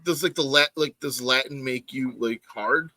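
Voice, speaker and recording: A man's voice: medium pitch, normal speed, sharp tone, dry recording. A man co-hosting a podcast, cracking crude jokes and teasing the others in casual chat. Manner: joking, teasing, crude quips. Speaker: podcast co-host.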